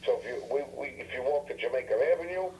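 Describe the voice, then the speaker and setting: A man from Brooklyn, chatting and reminiscing in a relaxed way. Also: mid-range voice, very fast, breathy edge, rough recording. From Brooklyn, New York. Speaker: co-host. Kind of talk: casual chat.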